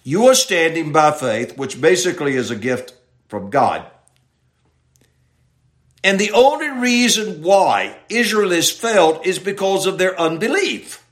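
A man teaching a Bible passage verse by verse in sermon style, reading slowly and stressing key words. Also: high voice, reverberant. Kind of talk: expository sermon.

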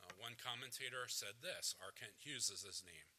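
A man's voice: lowish voice, moderate pace, few pauses, sharp tone, husky, poor audio. A man preaching a sermon, reading scripture and stressing key words with emphatic repetition. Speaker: pastor.

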